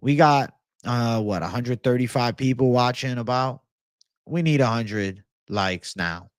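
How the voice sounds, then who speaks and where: A young man hosting an MMA livestream, chatting casually and reading comments in a profane, excitable bro style. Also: mid-range voice, a little slow, smooth, no echo, studio quality. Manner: profane, excitable, laid-back bro talk.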